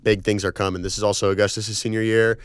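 A man's voice: lowish voice, little pitch movement, fast talker, clean tone. A young man in his twenties hosting a college radio show in a small studio, rambling and apologizing in a casual way. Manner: apologetic, rambling, self-deprecating. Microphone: studio microphone.

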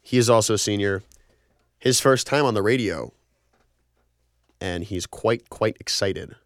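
Speaking a little slowly in a lowish voice, a college radio host in his twenties rambles and casually apologizes, with a self-deprecating streak. The recording from his small studio's microphone is dry.

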